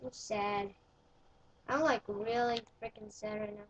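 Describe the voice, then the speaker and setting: A woman giving casual gameplay commentary, excitable and playful, often yelling when in danger. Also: medium pitch, a little slow. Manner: playful, swaps swearing for mild words. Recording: dull lo-fi recording with faint noise.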